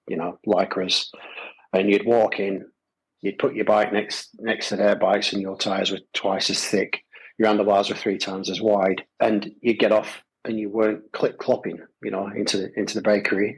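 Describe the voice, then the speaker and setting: Low raspy guy rambling through a story on a podcast, lots of "you know". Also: level tone, moderate pace, rough recording. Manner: rambling, lots of fillers and repeated phrases. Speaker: podcast guest, gravel shop owner. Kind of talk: casual conversational storytelling. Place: Adelaide Hills, South Australia.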